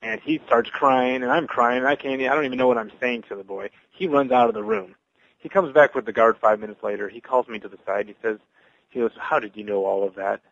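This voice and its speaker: A man giving an earnest, halting personal testimony as a Christian evangelist, full of restarts. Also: medium pitch, lively intonation, creaky, fairly bright tone, dry recording, lo-fi sound.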